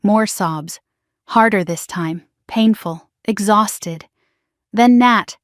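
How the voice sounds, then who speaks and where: A woman narrating a dramatic first-person family story in a hushed, emotional way on a close mic. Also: mid-range voice, takes it slowly, no room sound.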